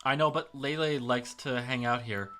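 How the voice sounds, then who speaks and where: A man's voice: medium pitch, moderate pace, bright, forceful tone, soft background music, natural voice. A man voicing a nervous young boy who has been caught lying and pleads with his mother.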